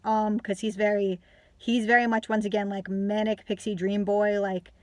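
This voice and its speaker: A woman's voice: medium pitch, unhurried, no echo. A young woman casually reviewing a book, ranting with lots of fillers and some swearing.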